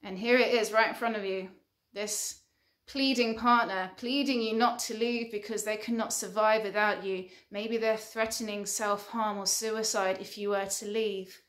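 A woman's voice: medium pitch, steady tone, normal speed, fairly bright tone. A woman counselor giving an earnest advice monologue, building her points through repeated short lists. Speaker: relationship counselor.

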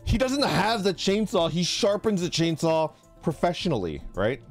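A man on the high side, very animated and speaking at normal speed, hosts a casual morning stream with faint music behind. Laughing a lot as he tells a story, he greets viewers and reads their chat names aloud.

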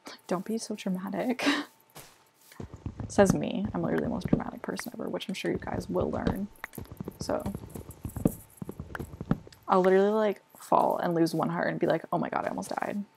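With a lowish voice, vocal fry and long pauses at a normal pace, a young woman comments casually on the game she's playing as a gaming vlogger. She mocks herself and uses lots of fillers, recorded in a noisy home setting.

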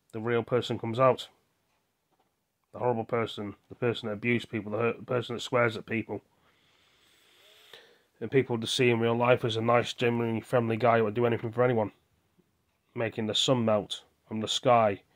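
A man venting his frustrations in a rambling video monologue, often asking and answering his own questions. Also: medium pitch. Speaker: vlogger.

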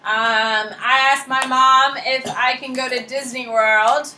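Bright-voiced joking woman teacher. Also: high-pitched, fairly even intonation, slow. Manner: casual, joking, often says "like". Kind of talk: classroom lecture. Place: classroom. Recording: roomy classroom echo with faint noise.

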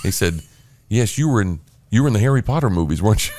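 A man's voice: mid-range voice, quick pace. An older man, a veteran radio host, telling stories in casual chat and acting out the voices of the people in them. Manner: animated storyteller acting out quoted voices. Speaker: radio host and podcast guest.

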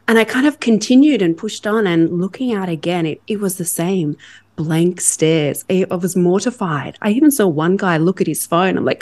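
An Australian woman, a podcast guest, telling lively stories of her work and acting out her own reactions. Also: on the low side, normal speed. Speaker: guest, sales enablement leader. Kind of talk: storytelling in a podcast interview.

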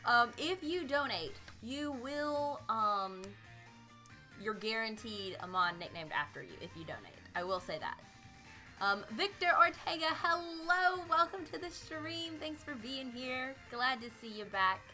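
A woman's voice: a little high, animated, a little slow, bright, forceful tone, faint music behind. A woman hosting a live video game stream, chatting casually, greeting viewers by name and laughing often. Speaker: livestream host playing a video game. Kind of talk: casual live gameplay chat.

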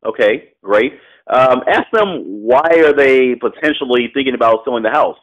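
A man's voice: mid-range voice, rough recording. Laid-back coaching man on a call. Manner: loose, laughing, quick bursts of role-played phone talk. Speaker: real estate coach. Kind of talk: coaching call, casual advice.

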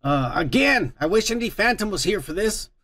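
A man's voice: sits high, very animated, moderate pace, fairly bright tone, dry recording, studio quality. A man hosting a podcast, talking in a crude, rambling, profane way and laughing often. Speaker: podcast host. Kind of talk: crude casual chat.

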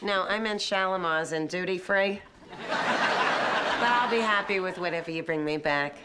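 An actress playing a brash, wisecracking young nanny who tosses off jokes breezily. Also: female voice, lowish voice, measured pace, natural voice. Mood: playful. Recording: noisy sitcom soundtrack.

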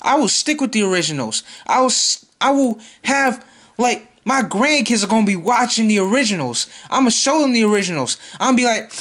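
A man's voice: very high-pitched, lively intonation, brisk, a bit bright. A man ranting in a vlog, exasperated and repeating himself as he vows to boycott a movie. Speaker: YouTuber.

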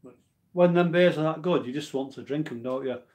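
A man's voice: on the high side, fairly quick, darkish tone. A man in his forties who hosts a homebrew channel, rambling in a casual live-stream chat and answering viewer comments as he goes.

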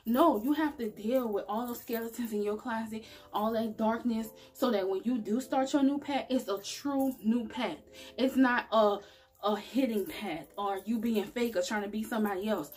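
A woman's voice: fairly high pitch, a little mellow. A woman talking straight to her viewers in a casual, earnest motivational vlog about spirituality. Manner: earnest, chatty, addresses viewers directly. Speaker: spiritual vlogger. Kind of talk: casual motivational talk to camera.

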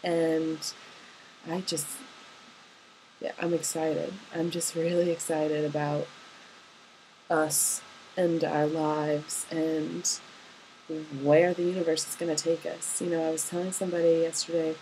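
A young college-age woman speaks a personal voice message to someone she loves, wandering from thought to thought with soft hesitations. Her voice sits slightly low for a woman. A faint hiss runs under the recording. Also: level tone, normal speed, rough recording. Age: young adult. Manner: rambling, tender and hesitant, with many ums. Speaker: college student.

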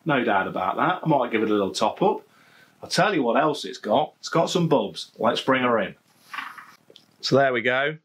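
A man's voice: medium pitch, lively intonation, moderate pace, a bit bright. Chatty Leicestershire man reviewing beer. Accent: Leicestershire English. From England. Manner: chatty and jokey, repeats phrases. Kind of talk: casual vlog review. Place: home garden, outdoors.

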